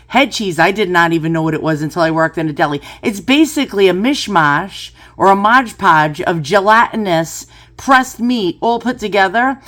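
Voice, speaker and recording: A middle-aged woman giving casual reaction commentary, chatty and animated, telling stories with asides. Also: mid-range voice. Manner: animated, chatty storytelling with asides, repeats "boys and girls". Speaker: commentator reacting to a news clip.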